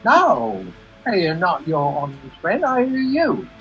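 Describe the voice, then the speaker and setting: A cheeky clown, as a man puts him on in a put-on British accent. His pitch swoops all over as he trades playful puns. The audio is dull video call sound. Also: sing-song, slow pace, a bit bright, soft background music, exaggerated voice. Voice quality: playful, punning. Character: joking male clown, cheeky.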